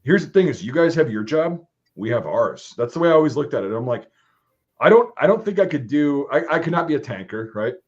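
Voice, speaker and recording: A man's voice: mid-range voice, brisk. A man, an army veteran, co-hosting a casual profane chat and telling war stories with lots of swearing and acted-out quotes. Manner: swears freely, animated storytelling with voiced quotes. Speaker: podcast host and army veteran. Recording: slightly dull lo-fi audio.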